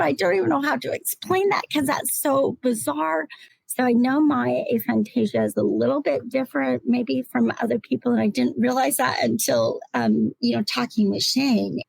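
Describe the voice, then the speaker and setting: A middle-aged woman talks in a reflective, halting way as a podcast panel guest. Her voice is husky and strongly gravelly, set a little high. The recording is dry and close. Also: darkish tone, dry recording, poor audio. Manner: reflective, halting, at times emotional. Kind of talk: casual chat.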